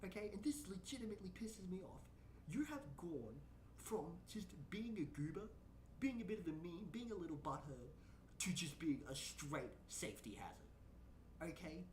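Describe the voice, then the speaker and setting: A woman's voice: fairly low pitch, big pitch swings, normal speed, darkish tone, reverberant, far from the mic, a little hiss or hum. A woman VTuber streamer giving blunt, profane reaction commentary and ranting at what she watches.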